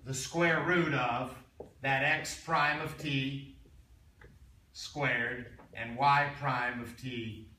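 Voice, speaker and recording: A man's voice: medium pitch, fairly even intonation, extremely slow, sharp tone. Male math lecturer, conversational, repeats himself, quizzes the class; distant mic in a reverberant classroom. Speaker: math instructor. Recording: roomy, distant classroom recording with faint noise.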